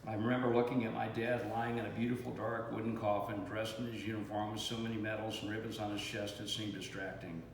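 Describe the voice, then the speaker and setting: A man in his seventies reading his own memoir aloud in a steady, plainspoken way. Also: on the low side, fairly quick, hardly any pauses. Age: 70s. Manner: steady, plainspoken storytelling with mild cursing. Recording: echoey room, faint hiss.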